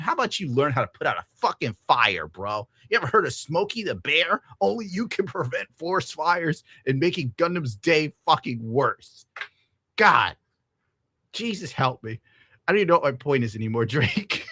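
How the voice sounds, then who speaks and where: A young man from the United States, hosting a livestream and reading donations in a casual, profane, animated rant, laughing often. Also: a little high, normal speed, no room sound, studio quality.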